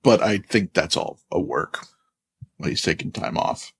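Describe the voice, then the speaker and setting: A man co-hosting a podcast in casual chat, animated and often stumbling over his words. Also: low-pitched, unhurried, gravelly, slightly rough, no echo. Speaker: podcast co-host. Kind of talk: casual chat about wrestling.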